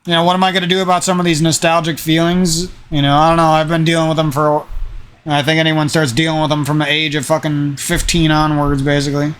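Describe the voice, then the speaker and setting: A young gaming channel host rambles casually, cursing often and sliding into rants. His fairly high, slightly nasal voice comes across flat, quick, fairly bright and smooth.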